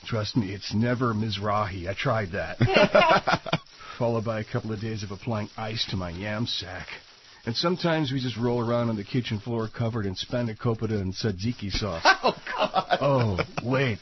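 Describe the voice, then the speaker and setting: A man's voice: fairly low pitch, dull audio, a little hiss or hum. A man doing a comedy impression of a boastful, henpecked male movie star, jokey and yelping. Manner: jokey, bragging, breaking into yelps and laughs.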